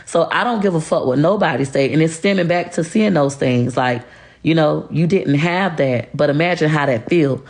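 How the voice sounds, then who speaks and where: A woman's voice: low-pitched, moderate pace, darkish tone. A woman speaking bluntly and heatedly to camera, cursing freely. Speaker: social media creator talking about her marriage. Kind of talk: candid monologue to camera.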